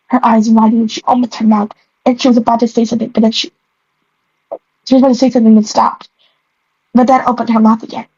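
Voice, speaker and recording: This young woman's voice sits on the high side, mellow and a bit rough, and she keeps a steady tone at a quick pace. She stumbles through reading her own old story aloud, breaking off to ridicule the writing and giggle at it. The audio is lo-fi, dull, and dry.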